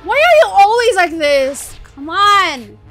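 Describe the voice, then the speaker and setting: A woman hosting an anime reaction video, exclaiming and shouting emotionally as she watches. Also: extremely high pitch, very animated, slow, faint music behind. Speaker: anime reaction channel host. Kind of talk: live reaction to an anime episode.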